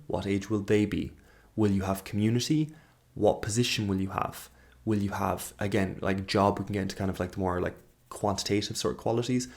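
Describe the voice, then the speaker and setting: Earnest man musing in a low voice. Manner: earnest, searching, trails off and restarts. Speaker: podcast host. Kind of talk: reflective monologue.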